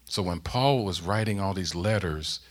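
A middle-aged man preaching a sermon, with emphatic rising bursts that ease into a soft closing prayer. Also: low-pitched, moderate pace. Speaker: guest preacher.

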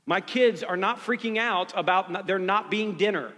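A man's voice: sits high, moderate pace, pushed and bright, big-room sound. A man in his forties preaching a sermon in earnest, building through repeated phrases. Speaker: pastor.

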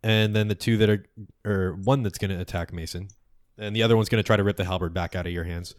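A man narrates a tabletop game as its game master, setting the scene and calling the dice. His voice sits low, and the recording is dry and close. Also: steady tone, fast, dry recording.

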